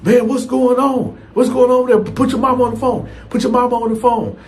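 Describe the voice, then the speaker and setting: A man's voice: high-pitched, steady tone, normal speed, darkish tone, pitched above the performer's own voice, close to an everyday voice. A man voicing a frantic ex-partner who repeats urgent lines in a panic. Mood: panicked. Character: frantic ex-partner rushing to help.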